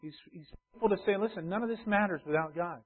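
A man's voice: high voice, fast, slightly rough. A male pastor preaching a sermon, repeating key phrases and building in intensity. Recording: tinny phone-like sound.

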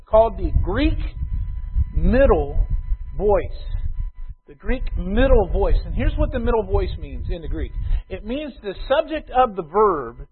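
A man preaching a sermon to a congregation, reading scripture slowly and loudly, then explaining it in a casual way. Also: high voice. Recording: tinny phone-like sound.

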